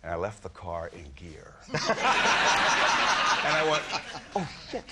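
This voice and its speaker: A man's voice: sits low, unhurried. A man telling stories as a talk show guest, acting out voices as he goes. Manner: animated storyteller, acts out voices. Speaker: celebrity guest. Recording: noisy studio audience.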